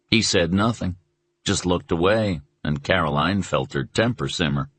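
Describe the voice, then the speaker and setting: A man narrating a novel in measured, expressive scripted reading on a close studio microphone. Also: deep voice, no room sound. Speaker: audiobook narrator.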